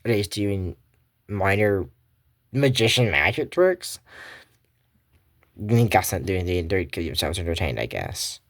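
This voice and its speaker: A show recap vlogger retelling a cartoon episode in a rambling, halting way, full of restarts, often dropping low and soft. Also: lively intonation.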